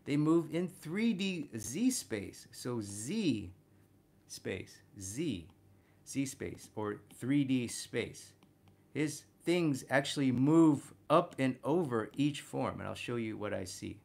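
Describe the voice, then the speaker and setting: A man teaching figure drawing and talking through a study, energetic and punctuating his points with "boom". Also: slow, creaky. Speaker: art instructor.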